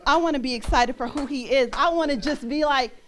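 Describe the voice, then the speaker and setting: A young woman minister preaching a sermon in a church, animated, laughing often and breaking into song. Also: high voice, fairly quick.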